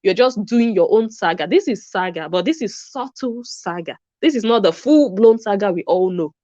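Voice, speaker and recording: A woman's voice: mid-range voice, expressive, normal speed, mellow, no echo, lo-fi sound. Sarcastic woman commentator, dry sound. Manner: sarcastic, questioning. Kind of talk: commentary vlog.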